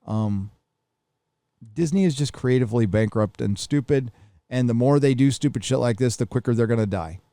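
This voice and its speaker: Low-key man, dark dry voice. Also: normal speed, no room sound. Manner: offhand, swears freely, reads messages aloud then riffs. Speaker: livestream host reading viewer donations. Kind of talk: casual live chat.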